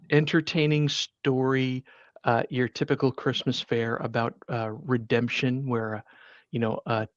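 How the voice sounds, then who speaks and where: A man talks through a movie review in a loose, rambling way, full of restarts and fillers. His voice sits at an ordinary pitch. The recording is dry and a bit dull. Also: no echo. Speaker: podcast host. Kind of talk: casual movie review chat.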